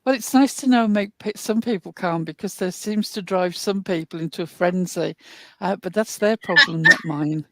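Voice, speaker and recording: A woman's voice: fairly low pitch, moderate pace, a bit bright, no echo. A woman from the north of England with a Northern English accent, chatting on a livestream in a wry, articulate way and laughing at herself. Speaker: show regular. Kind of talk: casual livestream chat.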